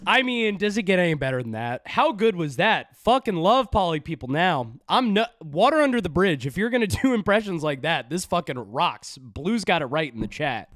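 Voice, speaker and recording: A man's voice: high-pitched, big pitch swings, fairly quick, hardly any pauses, a bit bright, no room sound, studio quality, faint music behind. A man hosting a live stream, talking casually with heavy sarcasm and crude swearing. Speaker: stream host.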